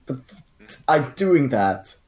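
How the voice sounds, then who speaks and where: A man's voice: mid-range voice, big pitch swings, slow pace, a crowd in the background. A man playing a tabletop game, puzzled and fumbling with the game controls. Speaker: player. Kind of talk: casual tabletop play.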